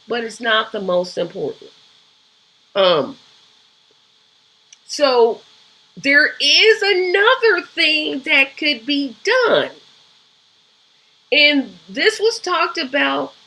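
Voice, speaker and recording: A woman's voice: high-pitched, bright, forceful tone, low-quality recording. A woman hosting a live show, giving casual, opinionated political commentary with frequent ums and rhetorical asides.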